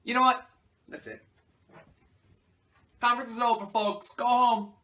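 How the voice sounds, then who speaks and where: A man voicing a hot-tempered male football head coach at a mock press conference, snapping and shouting defensively at reporters. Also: very high voice, flat delivery, measured pace, voice pushed up, heavily acted. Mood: ranting.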